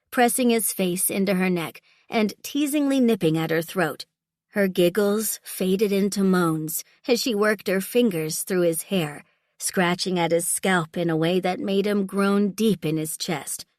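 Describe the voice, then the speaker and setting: A woman narrating a romance audiobook in a smooth, measured voice on a close studio microphone. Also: medium pitch, darkish tone, dry recording. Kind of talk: scripted narration.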